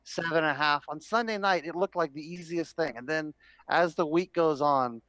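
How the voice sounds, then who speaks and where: Smooth-voiced man on a headset mic. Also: fairly high pitch, moderate pace, no echo, low-quality recording. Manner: relaxed, explains with many uh fillers. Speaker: sports betting co-host. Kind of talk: casual sports talk.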